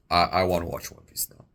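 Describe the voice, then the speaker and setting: A young man giving casual reaction commentary, excitable and rambling, with slangy exclamations, recorded on an earbud mic. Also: on the high side. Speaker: reaction video host. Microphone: wireless earbud mic.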